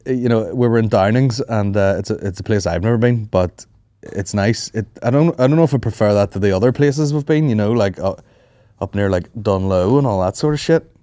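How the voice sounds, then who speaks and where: A man with a low voice chats on a podcast, swearing freely and acting out the people in his stories. The sound is close and dry, with no room around it. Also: fairly quick, no room sound. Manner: swearing, animated storytelling with mimicked voices. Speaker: podcast host. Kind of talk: casual chat.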